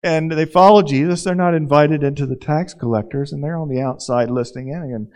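Man pastor, high voice, conversational sermon that acts out the scenes. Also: fairly quick, a little mellow.

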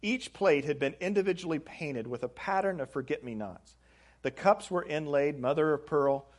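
A man's voice: fairly high pitch, animated, normal speed. A man preaching a sermon, reading aloud from a book and stressing phrases with rising emphasis. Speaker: pastor. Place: church sanctuary.

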